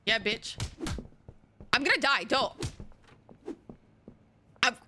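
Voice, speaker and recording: A woman's voice: a little high, expressive, slow pace, bright, forceful tone, slight background noise. Crude, joking woman streamer. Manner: crude, joking and swearing freely. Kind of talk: casual gameplay chat with a co-op partner.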